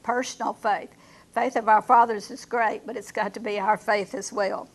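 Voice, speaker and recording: A woman leading a Bible study class, reading verses slowly and asking her group questions. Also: mid-range voice, fairly even intonation.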